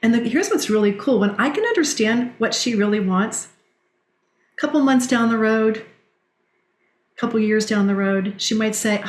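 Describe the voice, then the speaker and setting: A woman's voice: a little high, moderate pace, long pauses. A middle-aged woman, a direct-selling leader, telling stories and coaching advice in a podcast interview, often acting out quoted speech. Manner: animated storyteller, quotes others. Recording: roomy echo.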